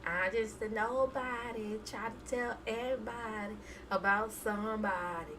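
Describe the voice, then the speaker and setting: A woman's voice: fairly high pitch, unhurried, far from the mic, background noise. A woman hosting a casual live stream, chatting and laughing as she reads viewer emotes aloud. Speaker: reaction streamer.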